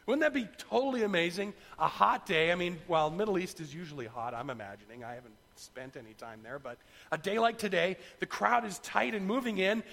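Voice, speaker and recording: A middle-aged man preaching a sermon, retelling a story in an animated way and acting out the voices. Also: high voice, vocal fry, in a large hall. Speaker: pastor.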